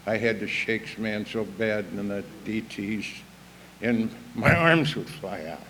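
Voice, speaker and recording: A man's voice: fairly low pitch, measured pace, a bit bright, a little hiss or hum, low-quality recording. An older man speaking at an evening recovery meeting, telling his own story in a folksy, earthy way. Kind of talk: personal recovery talk, storytelling. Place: evening recovery meeting hall, live audience.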